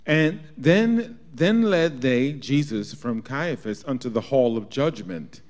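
A man's voice: mid-range voice, expressive, slow, a little mellow. A man reading Bible verses aloud during a study class. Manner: reads archaic verses steadily. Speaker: scripture reader in class.

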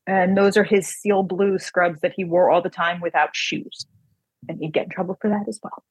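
A woman author telling an animated personal anecdote in casual chat, quoting the people in it. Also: lowish voice, normal speed, husky, no room sound.

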